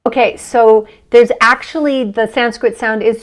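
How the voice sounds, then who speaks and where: A woman's voice: a little high, steady tone, a little slow. A woman with an American accent, a podcast guest who teaches chakras, talking casually and laughing often as she thinks aloud. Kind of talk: casual interview conversation.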